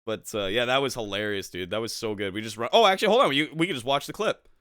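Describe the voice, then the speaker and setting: An animated man co-hosting a gaming podcast, swinging his pitch all over as he tells stories. His voice is bright and forward, and he swears freely and acts out what others said. The sound is dry and close, with no room around it. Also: fast, clean tone, dry recording. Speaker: podcast co-host. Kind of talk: casual gaming chat.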